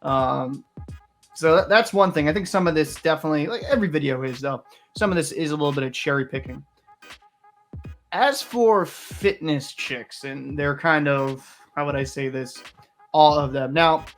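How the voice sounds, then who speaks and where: Candid young man reacting casually. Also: fairly high pitch. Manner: candid, rambling, swears freely. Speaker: reaction video host. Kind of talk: casual commentary.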